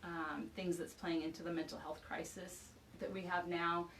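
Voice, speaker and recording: A woman parenting expert explaining ideas through a lively personal anecdote in casual conversation. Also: fairly low pitch, normal speed, distant mic, slight background noise, rough recording. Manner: animated storyteller, acts out quoted dialogue. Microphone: video call.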